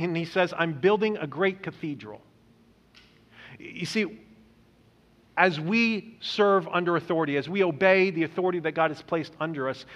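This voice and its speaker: A man preaching a sermon as pastor, earnest, stumbling over repeated words and slowing down to stress quoted lines. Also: sits high, a bit bright. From Indonesia. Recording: dull lo-fi recording in a reverberant hall.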